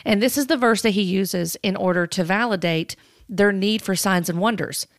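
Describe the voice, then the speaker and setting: A woman giving spoken commentary on church teaching, speaking in a measured, cautioning way. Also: medium pitch, no echo, studio quality.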